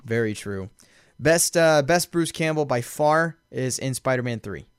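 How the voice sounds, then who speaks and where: Podcast co-host, man, smooth clear voice, dry close sound, rambly and excitable. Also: medium pitch, unhurried, dry recording. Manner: excited, rambling, laughs often. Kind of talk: casual chat.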